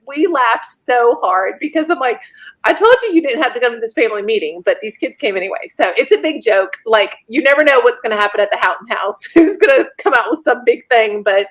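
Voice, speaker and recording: A woman, a podcast guest telling a personal story in a lively way and laughing often. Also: on the high side, a little fast. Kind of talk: casual storytelling.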